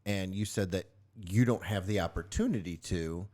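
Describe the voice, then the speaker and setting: A man co-hosting a podcast, chatting casually and telling stories in an animated way into a studio microphone. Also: deep voice, normal speed. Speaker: podcast co-host. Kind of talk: casual chat.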